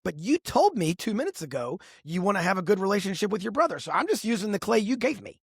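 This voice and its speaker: A middle-aged man co-hosting a podcast, telling stories in a lively, expressive way. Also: sits high, quick pace, gravelly, slightly rough, no echo, studio quality. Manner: animated storyteller, lively and expressive. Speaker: podcast co-host. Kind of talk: casual podcast conversation.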